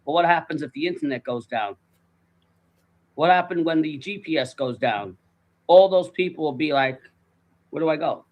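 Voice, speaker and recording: Man, somewhat high voice, quick profane storyteller in casual chat. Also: rough recording. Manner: fast, animated.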